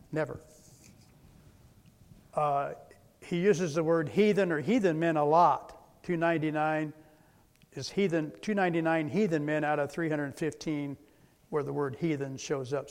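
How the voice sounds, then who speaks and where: A man giving a slide presentation lecture, methodical, spelling out words letter by letter. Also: on the high side. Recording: long hall reverb.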